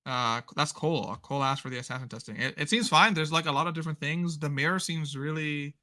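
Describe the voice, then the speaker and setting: A man's voice: a little high, quick pace, pushed and bright. A man from Puerto Rico, co-hosting a card-game stream in casual chat, rambling and correcting himself as he reads chat aloud. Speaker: stream co-host.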